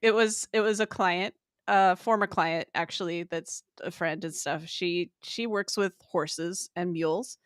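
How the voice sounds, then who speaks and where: A woman's voice: on the low side, fairly even intonation, unhurried, no echo, clean studio sound. A woman co-hosting a casual business talk over a livestream call, telling rambling stories and laughing often. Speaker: podcast co-host. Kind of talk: casual chat. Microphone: remote livestream call.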